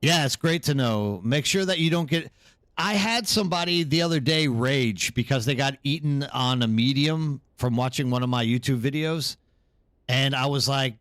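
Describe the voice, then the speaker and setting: A tired male streamer chatting casually into his streaming mic, rambling from one thought to the next. His voice sits at an ordinary middle pitch. The sound is dry and close, with no room around it. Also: moderate pace, fairly bright tone, dry recording. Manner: rambling, answers chat by name. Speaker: live streamer. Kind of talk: casual live stream chat.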